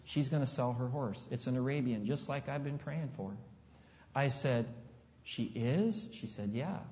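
A middle-aged pastor tells a story from the pulpit in an easy, folksy way and keeps turning to the congregation with questions. His voice sits at an ordinary pitch. It rings through a large hall with a long echo, and the recording sounds dull and muffled. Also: a little slow, mellow. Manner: folksy, conversational, asks the audience questions. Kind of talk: storytelling sermon.

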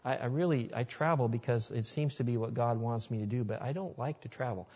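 A man's voice: mid-range voice, a little fast, darkish tone, breathy edge. Earnest man telling stories in a hall. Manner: earnest, folksy storytelling. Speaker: Christian speaker. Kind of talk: storytelling sermon to a live audience. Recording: dull lo-fi recording in a reverberant hall.

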